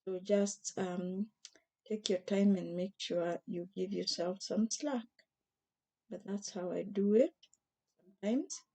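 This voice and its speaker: Hoarse, mellow-voiced woman chatting about crafts. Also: mid-range voice, slow pace. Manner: gentle, chatty, with frequent fillers and restarts. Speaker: crochet vlogger. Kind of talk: casual craft tutorial.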